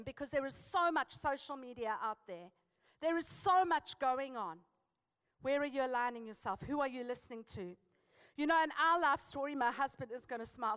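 A South African woman preaching a sermon, telling a personal story with lively, emphatic exhortation. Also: high voice, big-room sound.

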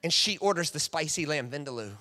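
A man preaching a sermon, animated and playful, acting out quoted voices and often restarting his sentences. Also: fairly high pitch, brisk. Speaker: pastor. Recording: reverberant hall.

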